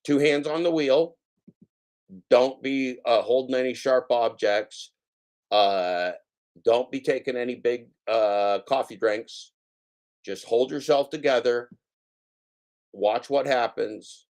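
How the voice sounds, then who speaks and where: A man's voice: mid-range voice, takes it slowly, long pauses, a little mellow. A man hosting a casual reaction stream, commenting on clips with playful, jokey mock warnings to his viewers.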